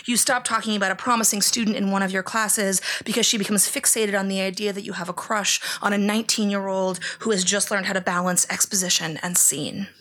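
A woman reading a memoir aloud in second person, in a hushed, even delivery that at times drops toward a whisper. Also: medium pitch, a little fast, hardly any pauses. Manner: hushed, flat, sometimes close to a whisper. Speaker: audiobook narrator.

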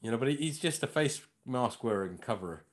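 This stand-up comic speaks at a medium pitch and a slightly quick pace. As a podcast guest he chats loosely, spinning lively stories and slipping into impressions of the people in them.

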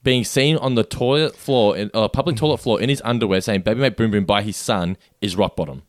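A man co-hosting a podcast, chatting casually about a cartoon episode in an animated, exasperated, sweary way. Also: fairly low pitch, fairly quick, dry recording, clean studio sound. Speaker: podcast co-host.

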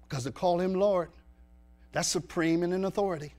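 Man, pastor, sermon, emphatic, rhetorical questions, slightly raised pitch, church sanctuary. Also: brisk, dark tone.

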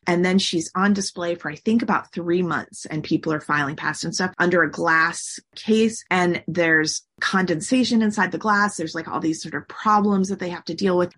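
A woman's voice: on the low side, slightly rough. A woman talking as an interview guest, explaining at length in a chatty way, often saying "like" and acting out quotes. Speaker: guest expert. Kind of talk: conversational interview.

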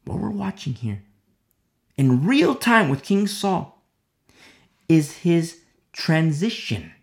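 A Bible teacher working through scripture verse by verse, with a gravelly edge to the voice. The pitch swings widely as the teacher stresses and repeats key phrases, now and then dropping to a whisper. Bits of the text get acted out in quick changes of voice. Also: sing-song. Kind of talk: verse-by-verse Bible study sermon.

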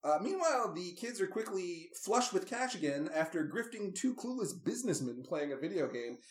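Male podcast co-host, slightly higher voice, wry recap patter, echoey room. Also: big pitch swings, normal speed, a little hiss or hum. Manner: wry, recounting scenes with amused asides. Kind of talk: casual movie recap chat.

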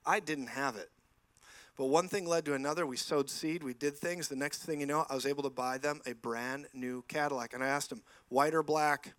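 A man's voice: mid-range voice, steady tone, fairly quick, a bit bright, no room sound. A man preaching a sermon in church, telling stories animatedly and acting out the dialogue.

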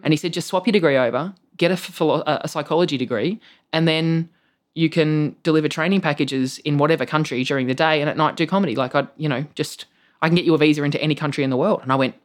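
An Australian stand-up comedian, appearing as a guest, tells stories in casual conversation at a quick pace. He's animated and swears freely, often jumping into high-pitched acted quotes.

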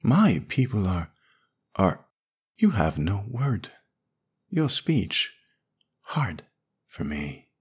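A man voicing a strange feline alien woman who speaks in soft, broken, halting phrases. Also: lowish voice, very animated, husky, full character voice. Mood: hushed halting. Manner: broken halting speech, hushed.

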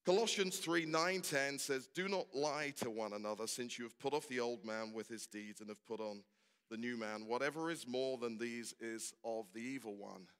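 A man with a mid-range, slightly bright, smooth voice preaches a sermon, building his argument through rhetorical questions and repeated refrains that grow more intense. His voice fills a large space, trailing a long, lingering reverb.

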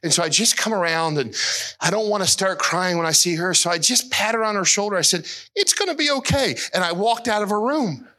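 A middle-aged man preaching a sermon as pastor, earnest and emotional, his voice climbing high as he is moved. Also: brisk, bright, forceful tone.

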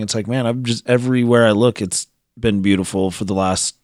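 A man's voice: fairly low pitch, steady tone, fairly quick, darkish tone, no room sound, clean studio sound. A man co-hosting a podcast, telling a story in a rambling, filler-heavy way. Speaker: podcast co-host. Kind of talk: casual chat.

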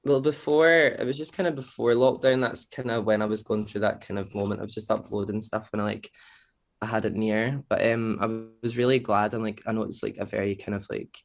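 A man's voice: on the low side, a little fast, gravelly. A young Scottish man chatting casually as a podcast guest, rambling loosely with lots of fillers. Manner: relaxed and rambling, heavy on fillers. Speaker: guest, producer and DJ.

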